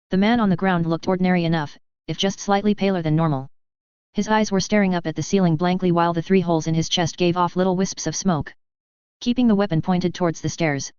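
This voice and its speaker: A narrator reads action fiction aloud in a steady, even storytelling style. The medium-pitched voice is smooth, and the dry recording sounds slightly dull.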